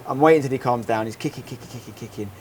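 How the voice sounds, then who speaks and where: A man in his thirties, co-hosting a casual podcast and telling a story in an animated, rambling way. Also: medium pitch, rapid-fire, a little hiss or hum. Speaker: podcast co-host. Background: faint outdoor holiday ambience.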